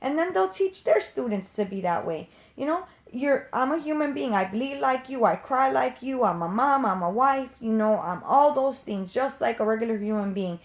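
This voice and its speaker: A woman speaking in a fairly high voice, ranting straight to her viewers in an unscripted live stream. She is a medium who teaches others, and she talks with blunt passion and heavy emphasis, swearing casually along the way. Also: animated, moderate pace, hardly any pauses.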